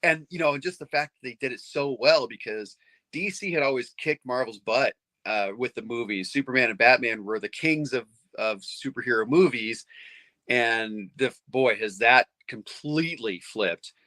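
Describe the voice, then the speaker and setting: A middle-aged man chatting casually as a comics fan, rambling and excited, with lots of restarts. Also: medium pitch, moderate pace, no room sound. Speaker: comics fan on a panel show. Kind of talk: casual chat.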